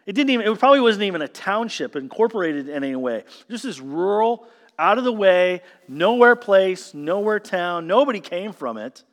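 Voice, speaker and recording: A man preaching a sermon, telling the story with emphatic swings from loud stresses to hushed lines. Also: sits high, big pitch swings, moderate pace. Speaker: pastor. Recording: long hall reverb.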